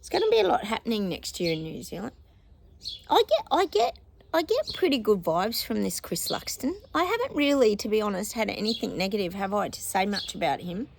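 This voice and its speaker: Slight background noise sits under this very animated, brisk, gravelly medium-pitched voice. An Australian psychic, she chats loosely with her viewers while giving predictions, often laughing and drawing words out.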